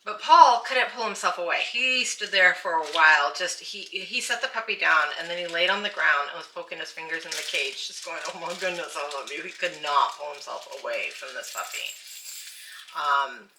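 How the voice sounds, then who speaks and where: A woman hosting a casual chat, telling a story in an animated, excitable way. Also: fairly low pitch, normal speed. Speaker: channel host. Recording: roomy, distant and noisy.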